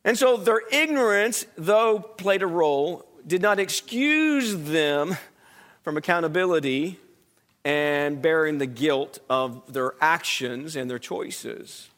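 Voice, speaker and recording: Brief: male Bible teacher, high voice, conversational, poses questions to the class, restarts often. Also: animated, slow pace, a bit bright. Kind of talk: Bible study lesson.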